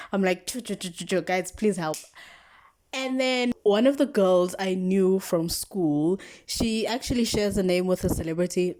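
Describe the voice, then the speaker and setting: Young South African woman, casual storytime vlogger; mellow, animated, slangy delivery with lots of filler words. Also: mid-range voice.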